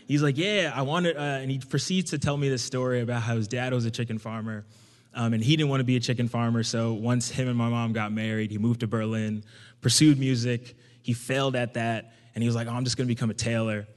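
A young man telling a personal story to an audience in a casual, conversational way, getting animated when he quotes himself. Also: mid-range voice, fairly quick. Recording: long hall reverb.

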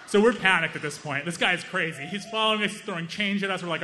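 A man's voice: high voice, quick pace, hardly any pauses, a little hiss or hum. A young man doing stand-up comedy, telling a story and acting out the people in it. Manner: animated, acts out other people's lines.

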